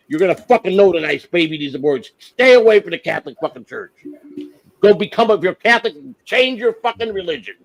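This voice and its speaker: A man hosting a livestream, ranting with heavy swearing, flaring loud and then dropping to a mutter. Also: sits high, low-quality recording. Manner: profane, heated, swings from shouting to muttering. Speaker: livestream host. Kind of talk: unscripted livestream rant.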